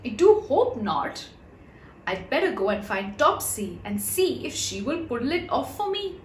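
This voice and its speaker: A woman voicing a frightened young male kitten in a storybook, pleading in a squeaky voice. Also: very animated, measured pace, slight background noise. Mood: panicky. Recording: roomy echo.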